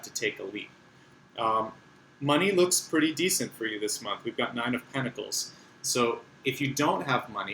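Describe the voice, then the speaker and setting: A man's voice: medium pitch, a bit bright, roomy sound, a little hiss or hum, low-quality recording. A man giving an unscripted tarot reading in a conversational, reassuring way, with many fillers. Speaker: tarot reader.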